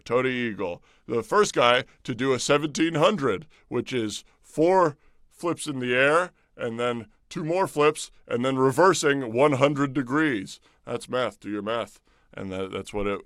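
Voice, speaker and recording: Bright, jokey young man rambling live. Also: medium pitch, animated, a little slow, dry recording, clean studio sound. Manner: rambling, jokey, with many fillers and mock pleading. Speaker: comedic presenter of a brand livestream. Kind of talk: improvised comic livestream patter.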